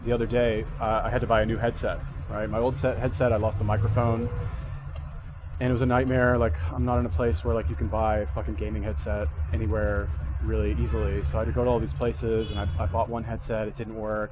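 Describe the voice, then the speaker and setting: A man's voice: fairly low pitch, flat delivery, quick pace, noisy background. A man giving rambling, casual commentary, swearing often and restarting his sentences as he reacts to a video clip.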